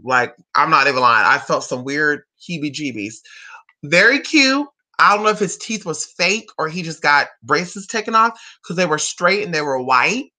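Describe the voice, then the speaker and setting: A young woman vlogger chatting casually and gossiping, with drawn-out "honey" and "girl" asides. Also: lowish voice, bright, forceful tone. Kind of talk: casual chat to camera.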